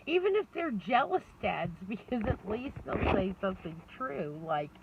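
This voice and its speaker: Middle-aged woman rambling and laughing at herself, lively up-and-down voice, sounds far from the mic. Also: mid-range voice, moderate pace. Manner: rambling, laughs often, self-mocking. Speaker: vlogger. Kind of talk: candid personal monologue. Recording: distant, dull lo-fi mic with faint noise.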